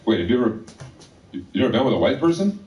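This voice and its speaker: A man's voice: medium pitch, big pitch swings, very fast, a little mellow, dull audio, a little hiss or hum. A male stand-up comedian delivering provocative jokes and teasing the audience. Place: comedy club stage. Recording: roomy sound from a distant mic.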